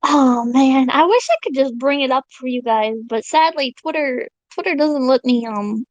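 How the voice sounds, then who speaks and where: A woman streaming live, chatting casually with her viewers in an excitable, rambling and profane way, reading out donations. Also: sits high, normal speed, dry recording, lo-fi sound.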